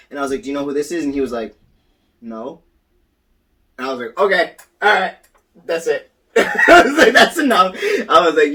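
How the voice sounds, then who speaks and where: A man co-hosting a casual podcast, telling a story in animated style and acting out the quotes. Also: mid-range voice, far from the mic. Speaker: podcast co-host. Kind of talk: casual chat.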